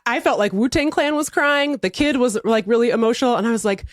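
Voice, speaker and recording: A woman in her thirties, a podcast co-host, telling a story in casual chat, animated and laughing as she acts out quotes. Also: fairly high pitch, quick pace, hardly any pauses, dry recording, clean studio sound.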